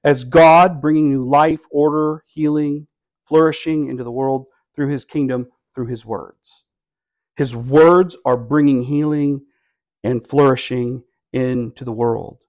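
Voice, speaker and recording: A man's voice: mid-range voice, fairly even intonation, measured pace, a little mellow, highs cut off. Man preaching a chatty sermon. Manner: conversational, wry asides, rhetorical questions. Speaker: pastor.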